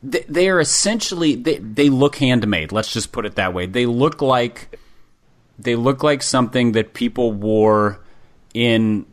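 A man's voice: medium pitch, expressive, a little slow. A man co-hosting a podcast, explaining his theories in firm, definitive statements during casual discussion. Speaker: podcast co-host.

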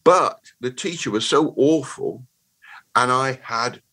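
A man in his eighties with a Bristol accent, telling stories as an interview guest in a rambling, animated way. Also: medium pitch, slow pace, poor audio. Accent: Bristol English. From Bristol, England. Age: 80s. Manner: rambling, animated, restarts words often. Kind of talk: casual conversational storytelling.

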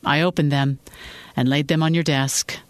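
Kind sorry coworker voicemail read by a woman, soft hesitant, dry. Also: sits low, steady tone, normal speed, clean tone, dry recording, lightly acted. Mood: sympathetic. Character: sympathetic woman office colleague. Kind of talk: audiobook-style fiction reading.

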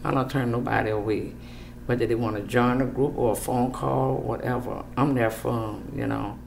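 Gravelly New woman, soft-spoken. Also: rumbling low, fairly even intonation, normal speed, slight background noise. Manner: soft-spoken, emotional, many "you know"s. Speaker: grieving mother, support group founder. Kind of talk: news interview.

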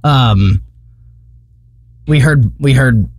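A man's voice: medium pitch, very slow, darkish tone, no echo, clean studio sound. A man co-hosting a talk radio show, giving opinionated commentary in an indignant, mocking way.

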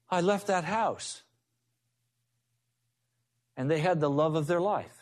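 A man's voice: on the high side, takes it slowly, long pauses, darkish tone. A man preaching a sermon as a pastor, telling folksy stories to make his point.

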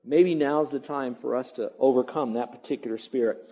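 A man's voice: medium pitch, a little fast, mellow, low-quality recording. A man preaching a sermon as a pastor, emphatic and repetitive, now and then mimicking grumbling.

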